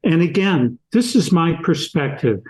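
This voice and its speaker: An older man with a slightly raised voice tells stories at an unhurried, measured pace. He speaks as a podcast guest and author, and each anecdote is laid out step by step. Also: fairly high pitch, sing-song, a little mellow, rough recording. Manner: slow, deliberate anecdotal storyteller. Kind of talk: storytelling in an interview.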